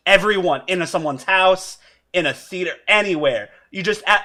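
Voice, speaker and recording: Bright, lively young man streamer. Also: sits high, normal speed. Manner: chatty, rambling, laughs often. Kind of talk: casual gameplay commentary.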